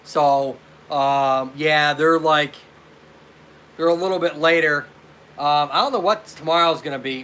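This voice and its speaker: A chatty man hosts a casual live stream as a physical therapist. His voice sits a little high and sounds bright and forceful, and he greets viewers by name as he goes. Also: slight background noise.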